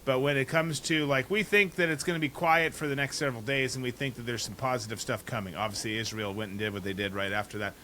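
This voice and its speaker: A man with a bright, tense voice weighs his words on a podcast, stumbling over starts. A faint hiss of noise sits behind him. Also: mid-range voice, fairly even intonation, fast, hardly any pauses. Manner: cautious, hesitant, stammering restarts. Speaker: podcast co-host. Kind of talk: casual political chat.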